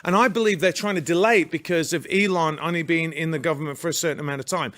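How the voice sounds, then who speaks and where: A man's voice: on the high side, fast, fairly bright tone. A man with a British accent giving fervent, rallying political commentary. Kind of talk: political talk show chat.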